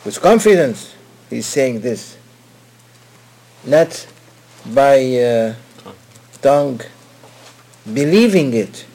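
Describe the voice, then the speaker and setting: A man's voice: mid-range voice, big pitch swings, very slow, long pauses, mellow, slightly rough. A man preaching to a group, telling a story and asking his listeners questions, with lots of repetition. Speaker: religious teacher. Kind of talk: storytelling sermon.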